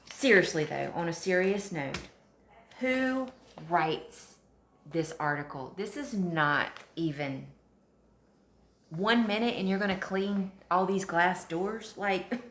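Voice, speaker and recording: A woman's voice: fairly low pitch, a bit bright, a little hiss or hum. A woman, chatting and joking to camera as a mom vlogger, full of sassy asides. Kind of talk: comedic casual chat to camera. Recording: roomy echo.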